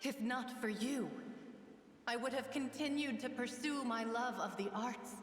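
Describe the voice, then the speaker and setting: A woman voicing a cold spirit made of many murdered women, speaking in a solemn, measured, accusing way. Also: on the high side, soft background music, lightly acted. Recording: echoey with long hall reverb.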